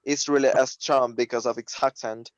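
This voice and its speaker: A man whose first language is Spanish, talking in a halting way with many fillers in a casual online discussion during a webinar. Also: mid-range voice, fairly even intonation, dry recording, lo-fi sound. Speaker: webinar participant. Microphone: video call.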